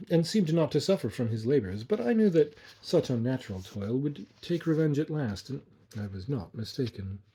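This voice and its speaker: A man with a husky, slightly breathy voice reads a horror story aloud. His pitch sits in an ordinary middle range. His delivery stays friendly and informal. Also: warm tone. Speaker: storyteller, host of a reading channel.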